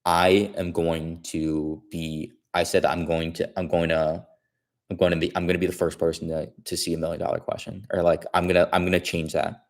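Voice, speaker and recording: A man tells a story on his stream in a relaxed, chatty way. His voice is low and deep, and he loops back over his own words and restarts sentences as he goes. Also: normal speed. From Chicago area. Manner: rambling, repeats himself, many restarts. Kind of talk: casual storytelling.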